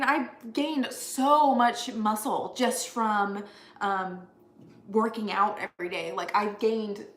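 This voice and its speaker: A woman's voice: medium pitch, fairly bright tone. Woman from washington, chatty vlog host, bit of room echo. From Washington state. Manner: chatty, encouraging, laughs often. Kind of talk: casual chat.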